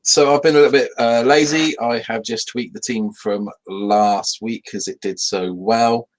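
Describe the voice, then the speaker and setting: A man co-hosting a casual live stream, quick with jokey asides. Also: mid-range voice, steady tone, rough recording. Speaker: podcast co-host.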